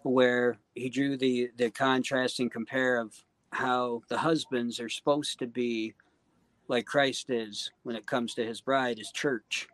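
A man guesting on a casual podcast interview, talking earnestly and warmly, with lots of "you know" and "um". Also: medium pitch, level tone, slow, no echo. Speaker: guest singer-songwriter.

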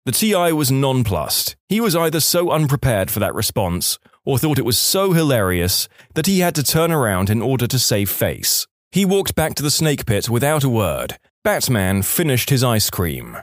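A man's voice: medium pitch, sing-song, moderate pace, hardly any pauses, no echo. A man narrating online stories in a wry, scripted storytelling style. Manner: dry, wry storytelling with quoted dialogue.

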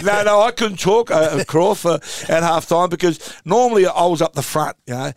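A gravelly Australian man in his sixties tells long, wandering stories as a podcast guest. His slightly raised voice is peppered with fillers and asides. It sounds dry and close. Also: on the high side, normal speed, dry recording. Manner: rambling anecdotal storyteller, many fillers. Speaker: guest, former footballer. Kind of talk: casual podcast chat.

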